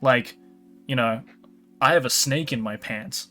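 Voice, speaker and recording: A man's voice: medium pitch, a little slow, pushed and bright, faint music behind. A man hosting a live stream, chatting loosely with viewers and a co-host, with frequent "like" fillers and swearing. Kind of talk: casual chat with stream viewers. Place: Tokyo.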